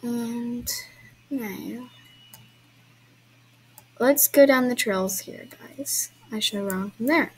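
A woman's voice: on the high side, slow, long pauses, slight background noise, rough recording. A young woman hosting an online horse-riding game event, chatting to viewers and apologizing with little laughs as she plays. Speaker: game vlogger hosting a trail ride. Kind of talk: casual gameplay commentary.

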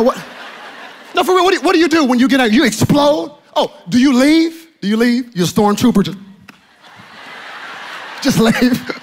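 A man preaching as a pastor, playful and animated, joking with the congregation and swinging from loud bursts to hushed tones. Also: very high-pitched. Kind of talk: lively sermon. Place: church auditorium.

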